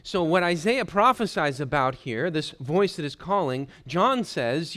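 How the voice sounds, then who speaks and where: A male pastor delivering a sermon with a somewhat high-pitched voice. He speaks with emphasis and builds into forceful, declarative passages. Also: animated, measured pace. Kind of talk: expository sermon.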